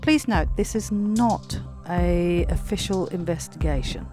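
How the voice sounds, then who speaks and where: A co-host narrating the intro and reading a plaque aloud in a plain, measured way. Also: mid-range voice, music in the background.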